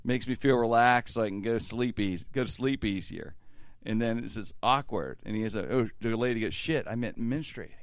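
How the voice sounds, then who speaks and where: A man's voice: mid-range voice, a little fast, no echo. A man hosting a casual podcast chat, reading funny text messages aloud and laughing at them. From Pittsburgh area. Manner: laughs while telling jokes, repeats words.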